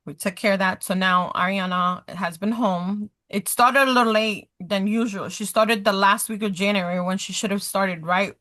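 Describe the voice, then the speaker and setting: A woman's voice: mid-range voice, normal speed, few pauses. A woman in her thirties on a podcast, casually telling a personal story and animatedly acting out the dialogue. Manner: animated, acts out quoted dialogue, talks with her hands. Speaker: podcast guest.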